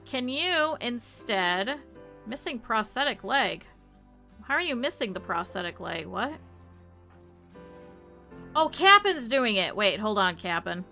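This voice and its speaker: A woman's voice: a little high, very animated, takes it slowly, pauses often, sharp tone, soft background music. A woman streamer giving live gameplay commentary, chatty, laughing often and talking to her game characters and chat.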